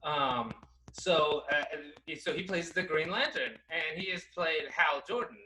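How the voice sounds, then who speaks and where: A man co-hosting a casual talk show, rambling and animated, with many fillers and restarts. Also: a little high, unhurried, a little hiss or hum, poor audio. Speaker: podcast co-host. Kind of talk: casual chat.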